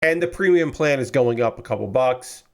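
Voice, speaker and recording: A man's voice: mid-range voice, expressive, normal speed. A man hosting a model kit build stream, chatting casually and tiredly, rambling with lots of fillers and the odd swear word. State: tired and yawning. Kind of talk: casual chat while building.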